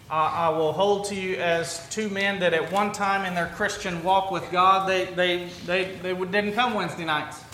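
A pastor with a high, bright voice speaks to his congregation in a relaxed, halting way, circling back and restarting his phrases. The big church room rings around him, with faint ambience underneath. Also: roomy sound, slight background noise. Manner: conversational, halting with restarts and fillers. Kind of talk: sermon. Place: church sanctuary.

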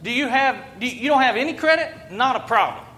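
A man voicing a pushy used-car salesman from a TV commercial, making loud hard-sell promises. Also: extremely high pitch, expressive, fast talker, pitched above the performer's own voice, heavily acted.

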